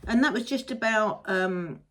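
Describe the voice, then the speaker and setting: A woman's voice: mid-range voice, measured pace, a bit bright. A middle-aged British woman with a rambling, chatty manner and mild swearing, hosting a casual monologue. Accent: British English. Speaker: host. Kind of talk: casual chat.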